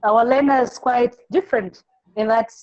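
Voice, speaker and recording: A woman teacher from Zimbabwe, answering an interview by telling classroom stories in a halting way, repeating words and acting out the pupils she quotes. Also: fairly high pitch, steady tone, lo-fi sound.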